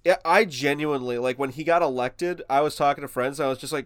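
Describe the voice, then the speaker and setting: Young male podcast co-host, rambling casual chat, slightly high, dry close sound. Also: fast talker, few pauses, smooth, no echo. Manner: rambling, laughing, mock-quoting others.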